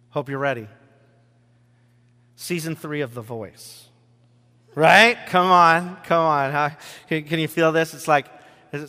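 Pastor, male, higher bright voice, conversational sermon with jokes, long hall reverb. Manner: conversational, joking with the congregation. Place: church hall.

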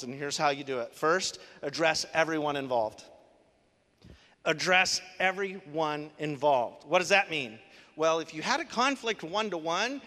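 Guy preaching, kinda high bright voice, lively and emphatic, big echoey hall. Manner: animated, emphatic teaching with rhetorical questions. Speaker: pastor. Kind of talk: sermon. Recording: long reverb of a large hall.

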